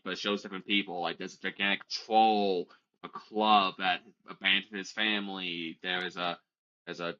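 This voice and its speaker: A man narrating as game master in a tabletop game, in an unhurried, rambling way. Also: lowish voice, bright, forceful tone, lo-fi sound.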